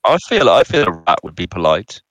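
A man's voice: low voice, very animated, brisk, fairly bright tone, dry recording. A man co-hosting a podcast, chatting casually and hesitantly, often repeating himself. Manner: hesitant, repeats words, laid-back. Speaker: podcast co-host. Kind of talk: casual chat.

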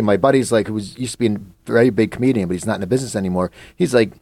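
Quick-talking man, lowish voice, casual host, rambling questions. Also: warm tone, no room sound. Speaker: interview host. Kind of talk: casual interview chat.

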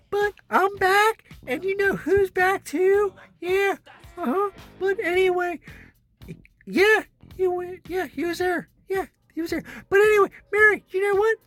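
A woman's voice: very high voice, fairly bright tone. A woman playing a vain, self-absorbed chatty woman, dramatically whining through a one-sided comedy phone call. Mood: gossipy scheming.

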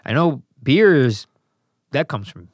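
A man's voice: mid-range voice, very animated, slow, breathy edge, no echo. Male podcast host, casual and teasing, laughs a lot, dry close sound. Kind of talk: casual chat.

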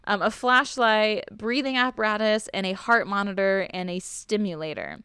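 A young woman tells a spooky history story to a friend in a loose, chatty podcast voice, cursing now and then. Her voice is smooth and clear, and the sound is dry and close, with no room around it. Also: mid-range voice, normal speed, pushed and bright, dry recording. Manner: chatty, swears freely, laughs while telling. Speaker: podcast host. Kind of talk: casual storytelling chat.

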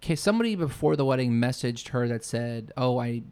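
A man's voice: medium pitch, lively intonation, brisk, a little mellow, clear, resonant tone. A man co-hosting a podcast in casual chat, rambling and searching for his words mid-sentence. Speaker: podcast co-host.

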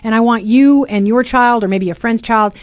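A loud, chatty woman hosting a casual talk radio show from a studio. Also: a little high, normal speed, no room sound. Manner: loud and chatty, says so herself.

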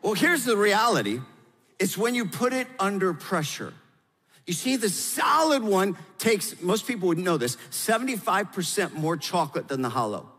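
A middle-aged man preaching as a pastor alongside his wife, animated and playful, then dropping low and earnest for his points. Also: moderate pace, husky. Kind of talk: sermon with spouse, conversational. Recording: long reverb in large hall.

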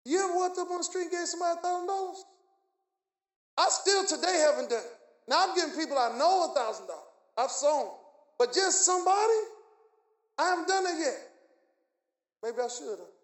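A man preaching in a strikingly high voice, telling a testimony with animated energy and acting out the voices of the people in his story. The sound carries a strong room echo, as if picked up in a large reverberant space. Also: a little fast, long pauses. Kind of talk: sermon testimony. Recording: echoey room.

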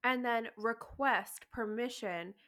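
A woman's voice: on the high side, slow pace, a bit bright. A woman co-hosting a casual chat, emphatic and passionate, cursing now and then.

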